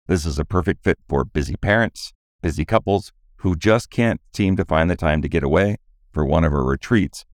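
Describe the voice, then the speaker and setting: A man's voice: very deep voice, normal speed, no room sound, clean studio sound. A middle-aged man co-hosting a podcast in casual chat, sounding tired from a late flight, upbeat and full of questions. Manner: upbeat, promotional, question-driven. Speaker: podcast co-host.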